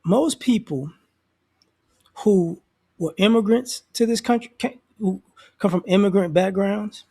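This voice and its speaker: A man's voice: high voice, measured pace, gravelly, a little mellow, breathy edge, no echo, clean studio sound. A man hosting a reaction video, talking in a laid-back, direct, conversational way. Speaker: commentary video host. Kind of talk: casual reaction commentary.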